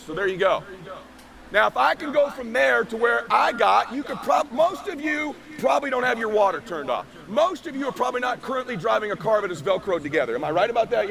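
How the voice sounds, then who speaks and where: A man's voice: sits high, creaky. A man giving an emphatic, preachy motivational keynote on stage before a live audience, firing off rhetorical questions. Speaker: motivational speaker.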